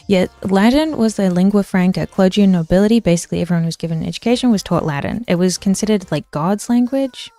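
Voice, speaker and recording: A woman's voice: medium pitch, quick pace, hardly any pauses, mellow, dry recording, soft background music. A woman streamer ranting casually about history, chatty and swearing, answering her chat as she goes.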